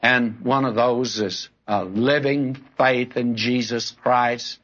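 Male preacher, earnest sermon, direct address to the listener, middle pitch, dull lo-fi sound. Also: steady tone, slow pace, fairly bright tone. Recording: dull lo-fi recording.

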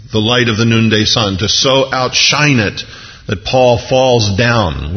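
A man preaching a sermon in a conversational way, with frequent casual asides to the congregation. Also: mid-range voice. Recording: echoey hall, dull lo-fi sound.

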